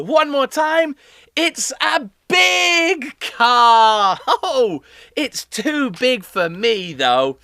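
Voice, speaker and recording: A man presenting a children's show, talking in an exaggerated way and slowly repeating phrases for young viewers to say along. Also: extremely high pitch, lively intonation, pushed and bright, no echo, studio quality.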